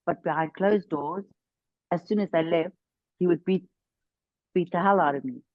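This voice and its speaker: A woman with a notably low voice speaks as an interview guest, telling her story in an earnest, emphatic way and stressing points by repeating herself. The recording is dry and a bit dull in its highs. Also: normal speed, no echo. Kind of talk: personal testimony in conversation.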